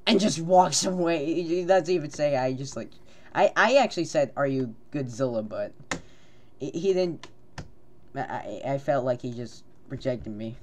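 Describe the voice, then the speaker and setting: A man co-hosting a casual podcast, telling a rambling, animated story and laughing often. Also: fairly high pitch, moderate pace. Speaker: podcast co-host.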